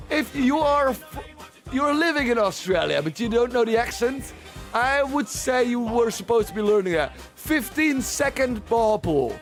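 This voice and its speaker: A man hosting a livestream, chatting casually and rambling, often repeating himself as he talks to his chat. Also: extremely high pitch. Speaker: livestream host. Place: at home, streaming.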